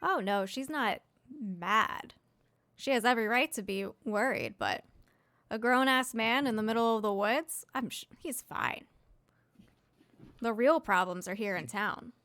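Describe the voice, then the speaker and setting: A woman's voice: on the high side, a little slow, a bit bright, no room sound. A woman voicing a weary, chatty male innkeeper who misses adventuring, blunt and gossipy.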